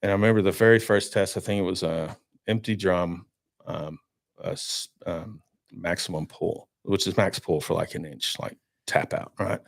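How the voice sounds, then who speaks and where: A man telling a story as a podcast guest in a studio, animated and talkative, acting out his own reactions. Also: low-pitched, normal speed, creaky, dry recording. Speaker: guest, marine winch maker. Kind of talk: casual studio podcast chat.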